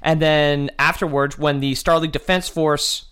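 A man's voice: a little high, flat delivery, moderate pace, fairly bright tone, smooth. A man on a casual podcast, rambling through game lore with lots of fillers and restarts, swearing now and then. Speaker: podcast co-host telling lore.

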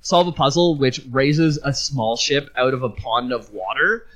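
Man, casual chat, halting, filler-heavy, game recap. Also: medium pitch, a bit bright. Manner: loose, hesitant, many fillers.

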